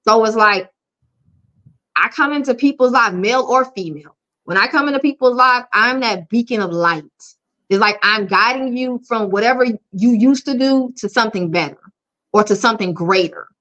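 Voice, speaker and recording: A woman's voice: a little high, moderate pace, bright, forceful tone. A woman life coach speaking frankly and openly in an interview. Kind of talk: candid conversational interview. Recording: dull lo-fi audio.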